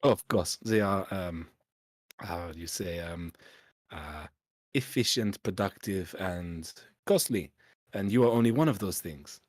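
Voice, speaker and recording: A game master voicing a snobbish male city fixer with a put-on French accent, haughty, slow and hesitant. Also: low voice, no room sound, studio quality. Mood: disdainful.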